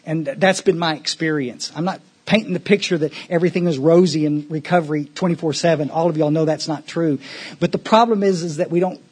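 A man with a drawl gives a talk at a recovery meeting, earnest and folksy, stumbling and repeating words as he goes. His voice is husky and sits a little high for a man. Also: a little mellow.

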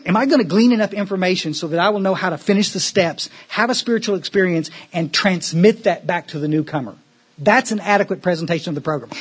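A man's voice: fairly high pitch, breathy edge. A man speaking at a recovery meeting in an earnest, folksy way, often restarting his words.

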